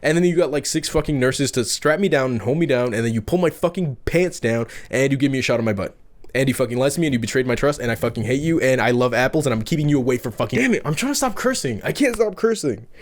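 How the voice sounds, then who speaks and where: A man's voice: mid-range voice, fast. A young man telling folk tales in a rambling, profane comedy vlog with exaggerated outbursts. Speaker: YouTube host.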